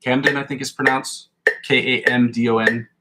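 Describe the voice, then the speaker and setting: A man's voice: mid-range voice, little pitch movement, moderate pace. A man hosting a guitar practice livestream, calling out scale positions and tempos, then chatting loosely with fillers and the odd swear word. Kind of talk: casual spoken instruction during practice. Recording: loud background noise with clicks.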